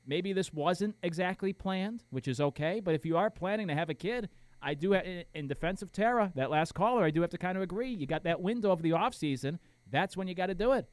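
Male sports talk host, riffs on call-in clips, highly expressive, slightly high voice, dry close mic. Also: no echo. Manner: animated, incredulous, rambling. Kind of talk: casual sports commentary.

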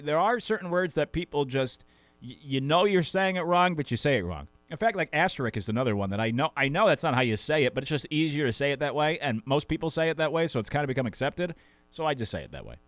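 Man, radio sports host, from Connecticut, rapid casual talk, rambling, self-deprecating, dry close sound. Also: medium pitch, dry recording.

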